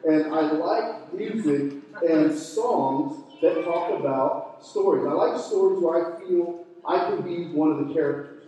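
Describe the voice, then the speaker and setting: A middle-aged man preaching a sermon, telling stories in a relaxed, conversational way with ordinary fillers. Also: on the high side, unhurried. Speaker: pastor. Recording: echoey hall, mic from far off.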